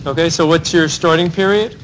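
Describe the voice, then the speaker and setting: In a low-quality recording with a faint hiss underneath, a male law professor with a high voice and fairly even intonation leads a Socratic class. He names students, fires quick questions at them, and keeps adding "right?" to press his argument.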